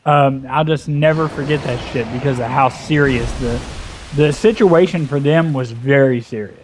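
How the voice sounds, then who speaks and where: A young man casually telling a long, profane, animated anecdote as a gaming video host. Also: medium pitch, moderate pace, background noise. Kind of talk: casual storytelling chat.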